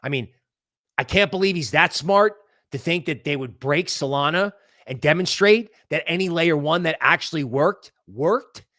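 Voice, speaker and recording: A man hosting a crypto livestream, talking excitedly and rambling from one thought to the next. His voice sits a little high for a man. It sounds close and dry, with no room echo. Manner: excitable, rambling, thinks aloud. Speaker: crypto channel host. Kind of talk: livestream market commentary.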